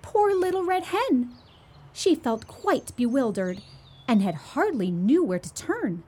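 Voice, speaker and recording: A woman telling a children's story at an unhurried pace. Her pitch rises and falls with lots of movement as she leans into the words, and her voice carries a soft huskiness. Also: husky. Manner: expressive, gently emphatic reading. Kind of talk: children's storybook read-aloud.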